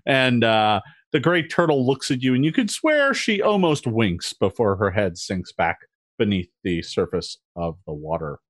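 Game master guy narrating a tabletop game, pitch jumping all over, dry close sound, lots of ums. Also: sing-song, moderate pace, no room sound. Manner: descriptive, lots of ums and restarts.

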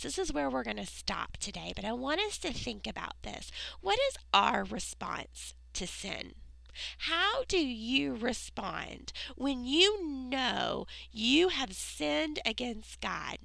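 A woman giving a Bible lesson to children, reading the story slowly and earnestly and dropping into whispers for emphasis. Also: a little high, vocal fry, sharp tone, dry recording, rough recording. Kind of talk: Bible lesson read aloud to kids.

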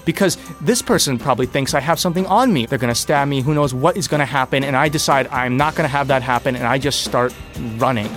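A man's voice: mid-range voice, fast talker, few pauses, soft background music. A man telling a personal story on a radio show, laughing now and then and acting out the voices of people in it.

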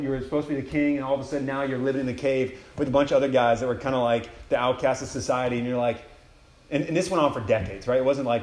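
A man speaking at a retreat, telling Bible stories in a casual, animated way with slangy asides. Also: mid-range voice. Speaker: campus ministry speaker. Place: retreat meeting room. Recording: echoey room with faint ambience.

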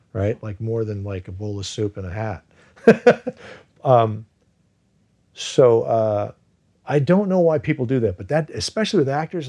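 Gravelly, husky-voiced rambling man. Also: on the low side, dark tone. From United States. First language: Farsi. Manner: rambling, many restarts and fillers. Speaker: actor, interview guest. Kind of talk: casual interview talk.

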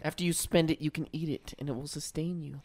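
A man in casual chat, tossing out wry, deadpan quips. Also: on the high side, fast talker.

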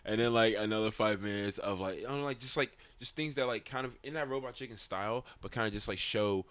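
A young man in casual chat, rambling and animated, swearing now and then. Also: on the low side, fast talker, smooth, no room sound.

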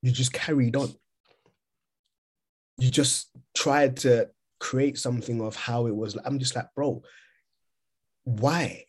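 A man co-hosting a podcast over a remote call, talking casually and haltingly, often repeating words as he thinks. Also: mid-range voice, steady tone, husky. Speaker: podcast co-host. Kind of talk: casual discussion.

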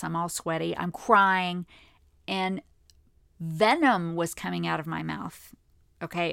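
A woman in her fifties hosting a podcast, telling a personal story to listeners in a candid, chatty way that sometimes drops to a hush. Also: fairly low pitch, gravelly, no echo, clean studio sound. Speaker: podcast host.

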